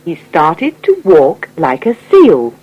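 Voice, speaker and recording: A woman reading an English coursebook unit aloud in clear, scripted narration. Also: fairly low pitch, highs cut off. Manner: clear, measured reading with lively intonation. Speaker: textbook audio reader.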